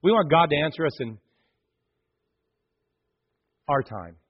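A man preaching a sermon with a husky, slightly raised voice. He tells animated stories, dropping to a hush and then climbing loud and high. The sound is dull and lo-fi. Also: takes it slowly. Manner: animated storytelling, swings from hushed to loud. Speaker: pastor.

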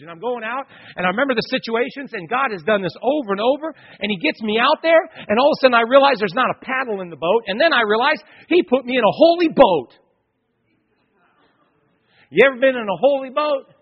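A man's voice: high voice, husky, narrow, tinny audio. A man preaching a sermon, telling personal stories with joking asides to the congregation. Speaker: pastor.

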